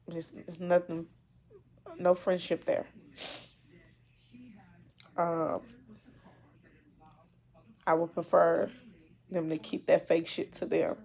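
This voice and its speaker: Woman, gravelly, mellow and dark, emotional, halting, repeats herself, video diary. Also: on the low side. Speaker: mother.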